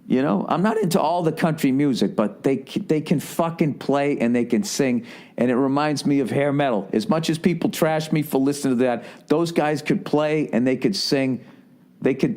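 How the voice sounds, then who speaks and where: Podcast host, man, 40s, Boston accent, mid-pitched, profane, rambling storyteller. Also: normal speed. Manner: rambling, profane, animated storytelling with acted-out quotes. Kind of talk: casual storytelling monologue.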